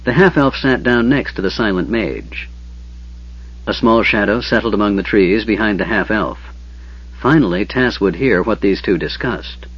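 A man reading a fantasy novel aloud in a steady, measured storytelling voice. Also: on the low side, breathy edge. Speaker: audiobook narrator. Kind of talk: scripted fantasy narration. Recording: dull lo-fi audiobook recording.

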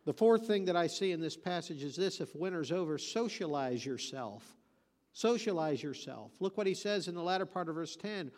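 With a long reverb tail trailing his words, a man delivers a sermon in a high-pitched, very animated voice at a moderate pace. His style is folksy storytelling and joke-telling, punctuated by emphatic, repeated points.

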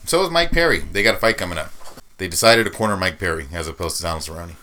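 A man's voice: deep voice, animated, fast talker, sharp tone, a little hiss or hum. A man co-hosting a podcast, telling loose stories with laughs and swearing in casual chat. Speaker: podcast co-host. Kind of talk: casual chat about fighting sports.

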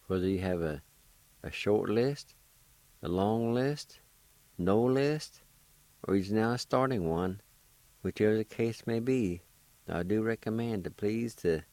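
A man teaching vocabulary in a radio language lesson, spelling words out and repeating syllables with slow, deliberate care. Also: lowish voice, darkish tone, no room sound.

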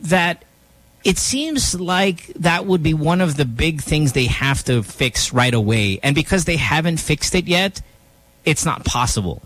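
A young Filipino man hosting a radio show, chatting in a jokey, animated way and arguing his points. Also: fairly high pitch, unhurried. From Philippines. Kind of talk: casual radio banter.

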